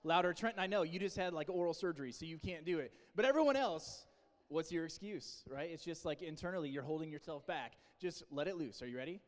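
A man's voice: on the high side, quick pace, few pauses. A young man leading a group training with a playful, teasing pep talk. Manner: playful teasing, loud and coaxing. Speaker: camp leader training teen volunteers. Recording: long reverb in a large hall.

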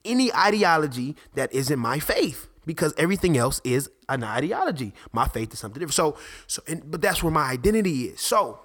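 A man hosting a podcast, talking casually about faith and fatherhood, animated, with many restarts. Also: fairly high pitch, a little fast, hardly any pauses. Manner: animated, restarts often, acts out conversations. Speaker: podcast host.

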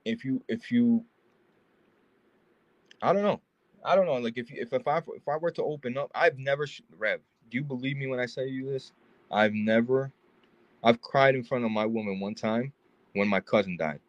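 A man's voice: medium pitch, moderate pace, pauses often, dry recording. Rambling man on a dull, dry line. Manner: loose, rambling, many restarts. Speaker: podcast co-host. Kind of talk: casual podcast chat.

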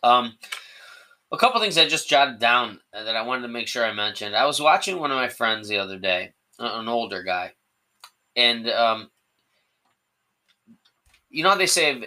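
Bright-voiced man rambling on his podcast. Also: mid-range voice, a little slow, low-quality recording. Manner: rambling, self-deprecating, with restarts. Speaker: podcast host. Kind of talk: casual solo podcast monologue.

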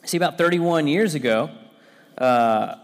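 A man in his thirties delivers a chatty sermon, weaving personal anecdotes into Bible teaching, with a slightly high-pitched voice. He stumbles and restarts often in a loose, conversational way. The sound rings with the long reverb of a large hall. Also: lively intonation, unhurried. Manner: conversational, anecdotal preaching with frequent fillers and restarts. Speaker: pastor.

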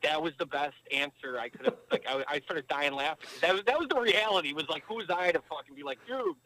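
A man's voice: on the high side, quick pace, pushed and bright, poor audio. A man as a podcast guest, telling rambling stories in casual chat, swearing a lot and leaning on filler words, calling in remotely while driving. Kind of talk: casual storytelling. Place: driving in a car.

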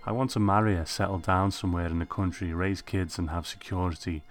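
A man's voice: low voice, fairly even intonation, fairly quick, natural voice. A man voicing an ordinary young man, an eager, pushy customer who pleads and insists in an audiobook reading. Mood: insistent.

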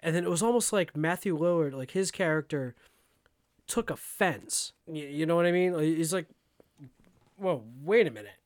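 A man's voice: fairly high pitch, normal speed, no room sound, studio quality. A man co-hosting a podcast in casual chat, rambling with lots of fillers as he talks it through. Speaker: podcast co-host.

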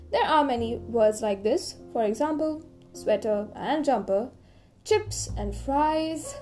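A woman's voice: high-pitched, dark tone. A young woman hosting an educational podcast, reading a script in a playful, chatty way with jokey asides. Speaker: podcast host explaining English dialects.

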